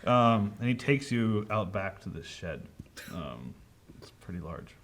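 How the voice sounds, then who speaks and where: A man's voice: fairly low pitch, big pitch swings, a little slow, fairly bright tone. Rambling man running a tabletop game. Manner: casual, rambling, many fillers. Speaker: game master.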